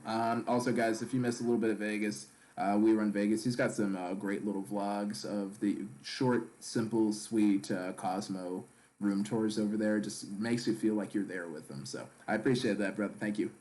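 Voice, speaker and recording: Male stream host, lowish voice, casual chatty commentary, reads the live chat aloud. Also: steady tone, moderate pace, darkish tone.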